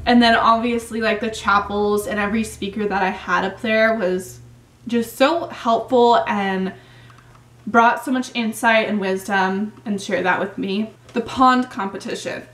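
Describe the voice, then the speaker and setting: A young woman vlogger chatting casually through a Q&A, full of "like" fillers, with a slightly hoarse voice. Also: medium pitch, fairly even intonation, a little slow, a bit bright, far from the mic. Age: young adult. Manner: chatty, many "like" fillers, laughs often. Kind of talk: casual Q&A chat. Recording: echoey room, mic set back.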